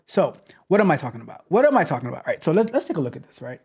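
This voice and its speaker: A man hosting a tech livestream, talking to his chat. His pitch swings up and down as he talks. He plays up his mock outrage and his sarcasm like a performer. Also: big pitch swings, rapid-fire, hardly any pauses, darkish tone, breathy edge. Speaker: host. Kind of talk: livestream commentary, reading chat aloud.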